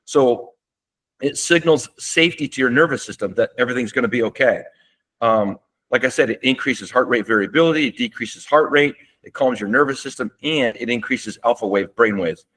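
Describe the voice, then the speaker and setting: A man presenting a health webinar from his desk, with a voice of ordinary middle pitch. He explains in a relaxed, conversational way, often pausing on fillers and restarting his sentences. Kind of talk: webinar lecture. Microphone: seated at a desk.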